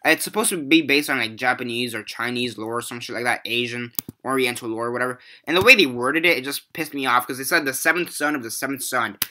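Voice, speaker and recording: A man's voice: medium pitch, fast talker, hardly any pauses, bright, forceful tone, a little hiss or hum. Profane young man ranting about movies. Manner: profane, rambling, exasperated. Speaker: movie reviewer. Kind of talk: casual ranting review.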